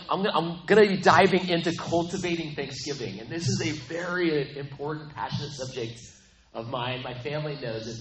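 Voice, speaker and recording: A man from New Mexico preaching a sermon, rambling and often repeating his words. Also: mid-range voice. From New Mexico, USA. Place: church. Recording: echoey room.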